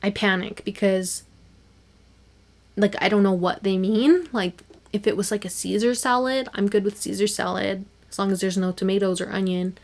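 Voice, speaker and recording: A young woman talks through her solo podcast in a loose, chatty way, full of fillers and little laughs. Her voice sits at an ordinary middle pitch, and she stays animated throughout. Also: normal speed. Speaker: podcast host. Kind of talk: casual solo podcast chat.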